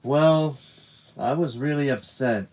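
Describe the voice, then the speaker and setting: Man voicing soft-spoken wry young guy, medium-pitched voice. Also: slow, close to an everyday voice, low-quality recording. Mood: hurt. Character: gentle, dryly funny young male student.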